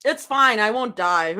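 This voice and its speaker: Chatting loosely and wandering off topic between snacks, a young woman hosts a live reading stream from a room at home. Her voice is medium in pitch and fairly bright.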